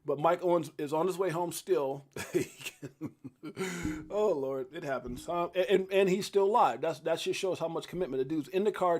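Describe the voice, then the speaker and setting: A man hosting a casual crypto live stream, rambling and chatty, laughing often and breaking into sudden loud excited bursts. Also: a little high. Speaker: crypto livestream host. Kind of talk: casual live-stream chat and market rundown.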